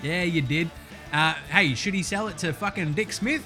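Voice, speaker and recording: A man's voice: a little high, expressive, fairly quick, bright, forceful tone, faint music behind. A man with an Australian accent hosting a basketball podcast, ranting brashly and swearing constantly in a jokey way. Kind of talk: profane comedic sports rant.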